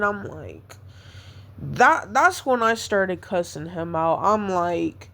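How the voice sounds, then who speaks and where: A woman's voice: on the high side, animated, slow, a bit bright. A woman talking through a painful breakup on her podcast, hurt and rambling, repeating herself as she vents. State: upset, devastated. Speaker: podcast host. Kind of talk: personal venting monologue.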